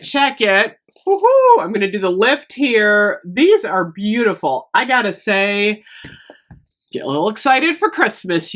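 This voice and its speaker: Woman host of a casual haul vlog; chatty, rambling, quick to gush, pitch jumping all over. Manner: gushing, rambling, easily excited. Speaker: beauty and lifestyle vlogger.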